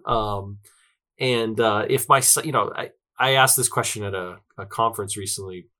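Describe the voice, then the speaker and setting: A man's voice: lowish voice, normal speed, pushed and bright. A man talking as an interview guest, chatty and loose, tagging his points with "right?" and plenty of fillers. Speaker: guest, tech company representative. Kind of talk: conversational interview answers.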